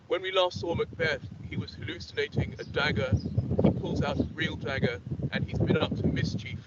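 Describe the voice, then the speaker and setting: A man's voice: a little high, steady tone, normal speed. A male teacher speaking to students outdoors on a windy heath, setting the scene. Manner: addresses students directly, sets the scene. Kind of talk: outdoor lesson to camera. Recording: loud wind noise on a dull mic.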